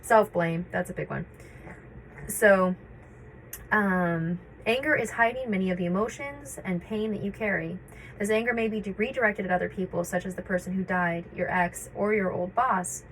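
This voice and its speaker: A woman's voice: medium pitch, normal speed, a little hiss or hum, poor audio. A woman vlogging about her own grief. She reads passages from an article and breaks off into casual, hesitant commentary with many fillers and restarts.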